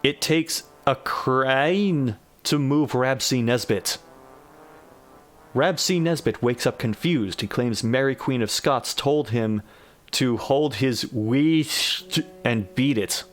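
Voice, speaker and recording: A man reads an absurd story aloud in a deadpan, mid-pitched voice. He breaks in now and then with dry, wry comments. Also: slow pace. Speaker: reader of a generated story. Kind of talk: deadpan comic reading with asides.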